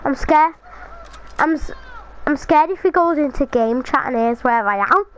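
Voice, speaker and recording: Excitable high-voiced young gamer girl. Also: moderate pace, slight background noise, rough recording. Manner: excitable, jumpy, squealing reactions. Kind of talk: casual gaming chat.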